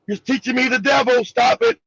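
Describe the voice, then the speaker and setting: A man putting on the voice of an indignant devout male believer, scolding loudly. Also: very high-pitched, sing-song, brisk, vocal fry, dry recording, muffled recording, full character voice. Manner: scolding, exclaiming.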